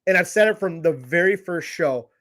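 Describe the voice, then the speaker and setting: A man's voice: sits high, animated, moderate pace, a bit bright. A man co-hosting a podcast, blunt and profane in casual chat. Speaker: podcast co-host.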